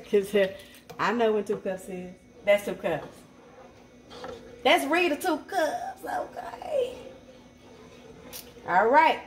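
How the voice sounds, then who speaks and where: A woman's voice: sits high, a little hiss or hum. A woman, hosting a casual cooking tutorial at home and chatting playfully as she cooks. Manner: chatty, playful, sassy asides, talks to the food. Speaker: cooking channel host. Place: home kitchen at the stove. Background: food sizzling in a skillet.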